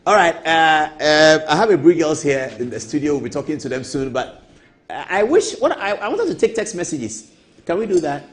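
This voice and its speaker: A Ghanaian man hosts a TV show from the studio in a loose, chatty way. His voice climbs and dips a lot and sits a little high. He slips into quick impressions of other people. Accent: Ghanaian English. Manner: animated, mimics others with a raised voice, laughs often. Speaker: TV show host. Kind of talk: casual studio commentary.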